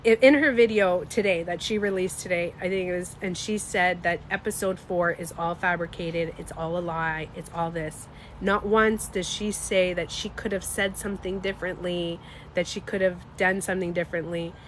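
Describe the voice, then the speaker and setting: A woman's voice: fairly low pitch, steady tone, normal speed, a little hiss or hum. A young woman hosting a casual livestream, talking emphatically and answering chat comments. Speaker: livestream host.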